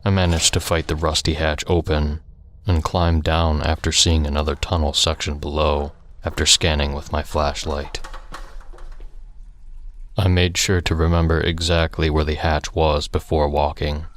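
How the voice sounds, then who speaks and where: Reading a horror tale in the first person, this man's voice sits extremely low and deep. He narrates at normal speed in a flat, steady, hushed tone, with a little hiss or hum in the recording.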